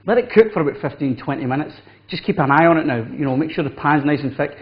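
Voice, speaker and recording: A man, a chef, talks quickly through a recipe in a chatty, instructive way. His voice sits a touch high for a man. The recording is muffled and lo-fi, like an old local TV segment. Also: expressive. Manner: chatty, instructive, says "wee" often. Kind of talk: cooking demonstration. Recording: dull lo-fi TV audio.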